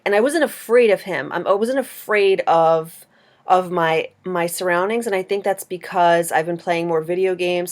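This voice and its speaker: A woman vlogger in casual chat, talking with many "like" fillers and acting out her own quotes. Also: lowish voice. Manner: chatty, lots of "like" fillers, acts out quotes.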